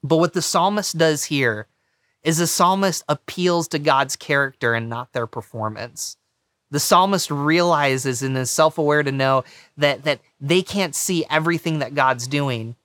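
A male pastor delivers a sermon with an earnest, conversational manner, often saying "you know". His voice sits a little high for a man. The sound is close and dry, with almost no room echo. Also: measured pace, a bit bright.

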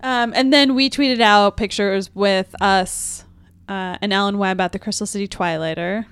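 A woman's voice: mid-range voice, steady tone, normal speed, a bit bright, smooth, dry recording. A woman co-hosting a podcast, reading out listener tweets in a casual, easygoing way with lots of "um"s. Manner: easygoing, starts lines with "um", laughs readily. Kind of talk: casual chat.

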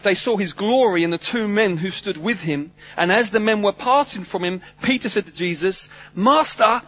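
A man preaching a sermon, animated and humorous, swinging between loud bursts and hushed asides. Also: sits high, highs cut off.

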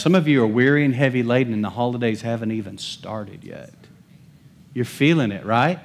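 Man preaching an animated, joking sermon. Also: mid-range voice, fairly quick. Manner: animated, humorous preaching with rising emphasis. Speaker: pastor.

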